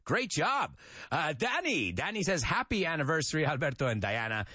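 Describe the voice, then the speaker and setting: Animated male English teacher. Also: on the high side, normal speed, husky, no echo, clean studio sound. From Andalusia, Spain. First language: Spanish. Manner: animated, laughs often, switches between English and Spanish. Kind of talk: casual online English lesson.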